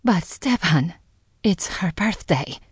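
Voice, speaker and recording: A woman doing a meek, hushed mother. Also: sits low, unhurried, husky, dry recording, studio quality, heavily acted. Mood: tender hushed. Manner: gentle, hushed, half-whispered. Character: soft-spoken meek mother in her forties.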